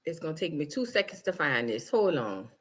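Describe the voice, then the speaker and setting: A woman's voice: low-pitched, very animated, fairly quick. A woman hosting a casual reaction livestream, rambling and talking straight to her viewers. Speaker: livestream host.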